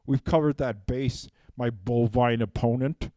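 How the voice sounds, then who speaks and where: A man's voice: mid-range voice, a little slow, mellow, no room sound. A man doing a rambling, improvised comic monologue who keeps asking "okay?", speaking into a handheld mic. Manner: rambling, drops "okay?" after nearly every phrase. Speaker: improv comedian. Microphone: handheld microphone.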